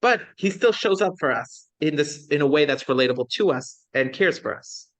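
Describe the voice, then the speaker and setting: A man's voice: on the high side, expressive, normal speed, a bit bright. A man, a rabbi, teaching a class in a conversational lecture style, often checking in with his students and asking them questions.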